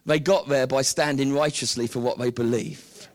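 A British man preaching a sermon, telling the story with lively, acted-out dialogue. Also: mid-range voice, normal speed, no echo. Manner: animated storytelling, acting out the characters.

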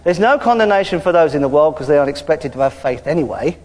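Male preacher with a high voice, chatty and animated, recorded with long hall reverb. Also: fast. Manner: lively, conversational preaching with frequent hallelujahs. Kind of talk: sermon. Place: church hall.

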